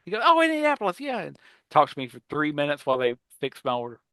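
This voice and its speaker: A man's voice: a little high, fast, dry recording. A middle-aged man co-hosting a podcast, telling stories in casual chat, acting out other people's voices and laughing often. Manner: animated storyteller, acts out voices, laughs often. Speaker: podcast co-host.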